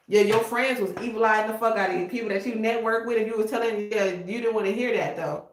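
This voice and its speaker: A woman's voice: on the high side, fairly even intonation, moderate pace. Blunt slangy woman reading tarot. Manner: blunt, slangy, street-talking, repeats "okay?". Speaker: tarot reader. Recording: echoey room with noise.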